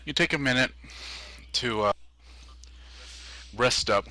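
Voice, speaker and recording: A man narrating as dungeon master of a tabletop game, describing scenes with halting restarts and fillers. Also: mid-range voice, bright, forceful tone.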